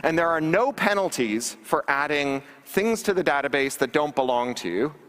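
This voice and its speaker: Man, public lecture, sarcastic asides, slightly high voice, long echo of a big hall. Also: lively intonation, normal speed, a bit bright. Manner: wry, emphatic, sarcastic asides. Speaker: conference keynote speaker. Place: large conference hall stage. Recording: reverberant hall livestream capture.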